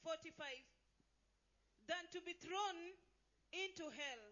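A woman reading scripture aloud in a steady, measured way during a sermon. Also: very high voice, muffled recording. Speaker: scripture reader.

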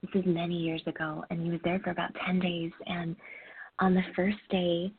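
A woman's voice: on the low side, little pitch movement, moderate pace, husky. A woman doula speaking as a podcast guest, earnest and emphatic, sometimes dropping into a near whisper. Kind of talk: casual interview chat. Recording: tinny call audio with faint noise.

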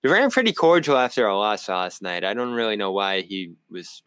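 A man's voice: fairly low pitch, very animated, a little fast, a bit bright, clear, resonant tone, no echo. A man with a Boston accent, a sports reporter telling stories and laughing often in a podcast panel chat.

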